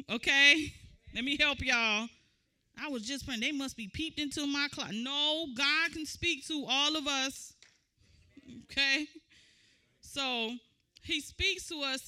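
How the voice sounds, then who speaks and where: Delivering a sermon, a preacher with a high, piercingly bright voice starts in an easy conversational teaching style and builds to loud, shouted exhortation.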